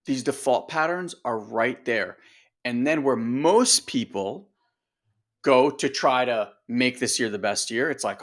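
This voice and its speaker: A man's voice: medium pitch, measured pace. A male coach giving a motivational talk, emphatic and direct, peppering the audience with rhetorical questions.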